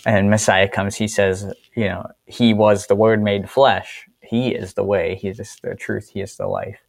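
A man's voice: on the low side, level tone, a little slow, gravelly, dry recording. A man co-hosting a casual Bible-study discussion in an easygoing way. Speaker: co-host of a faith discussion.

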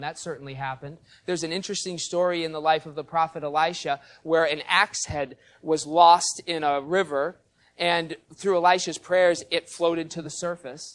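Higher-voiced man preaching a teaching sermon. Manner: teacherly, explains the Greek and asks the congregation questions. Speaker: pastor. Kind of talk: expository sermon.

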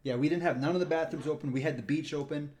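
Pitched on the high side and a little mellow, his voice moves quickly. He's a park ranger on a relaxed podcast he co-hosts, meandering through an anecdote from the park and acting out the characters as he goes.

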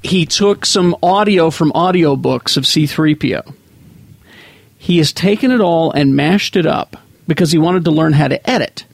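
A man's voice: fairly high pitch, normal speed, gravelly, no echo. A man hosting a casual podcast, joking and rambling with friends through many restarts. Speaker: podcast host. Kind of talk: casual chat among friends.

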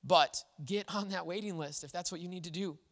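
A man's voice: sits high, fairly quick, fairly bright tone. A man preaching a sermon in an earnest, conversational way, with frequent restarts. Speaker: pastor. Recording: long hall reverb.

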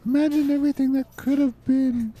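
A player doing a motherly role in comedic role-play, scolding in an exaggerated, slow way. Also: high-pitched, flat delivery, mellow.

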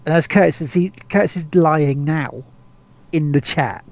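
A man's voice: on the high side, moderate pace, muffled recording. A man co-hosting a gaming podcast, rambling casually, stumbling over repeated words and swearing freely. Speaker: podcast co-host.

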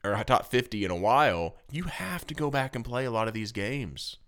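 A man with a Southern US accent co-hosting a board game podcast in casual, lively, self-deprecating chat. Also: mid-range voice, fairly quick. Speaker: podcast co-host.

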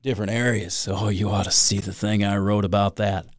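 A man's voice: fairly low pitch, steady tone, fairly quick, no echo, clean studio sound. A man hosting a solo podcast, rambling and self-mocking with dramatic asides. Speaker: podcast host.

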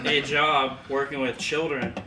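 A man's voice: mid-range voice, steady tone, a little slow, pushed and bright. A man casually telling a funny story, laughing often and acting out the quotes. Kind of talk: casual chat. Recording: echoey room, distant mic, background noise.

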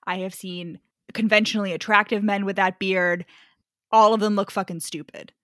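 A woman's voice: mid-range voice, steady tone, normal speed, a bit bright, no echo, clean studio sound. A woman in casual conversation about a book, emphatic and opinionated, swearing freely as she makes her case. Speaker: podcast co-host.

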